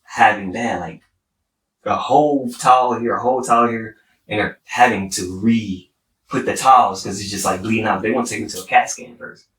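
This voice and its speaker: A man's voice: on the low side, normal speed, fairly bright tone. A young man from Houston, a podcast guest telling a personal story in a rambling way with many "like" fillers and restarts. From Houston, Texas. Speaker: podcast guest, singer-songwriter. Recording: roomy, distant mic.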